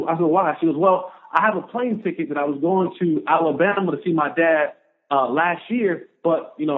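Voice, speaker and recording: A man in his thirties, a guest on a podcast, telling a personal story in an animated way and acting out the voices of the people in it. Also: fairly high pitch. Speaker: podcast guest, former pro football player. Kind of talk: storytelling in an interview. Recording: narrow phone-like sound.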